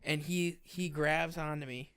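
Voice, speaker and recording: A young man with a slightly high voice recounts a story in easy podcast chat. He is animated and acts out each character's lines, swearing without a second thought. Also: unhurried, smooth. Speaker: podcast co-host, firefighter.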